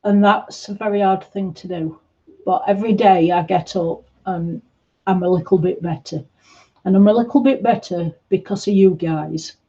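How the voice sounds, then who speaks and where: A woman chatting gently on a livestream, answering viewers' comments in a reassuring way. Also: medium pitch, normal speed, dull audio. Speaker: livestream host. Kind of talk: casual livestream chat reading comments.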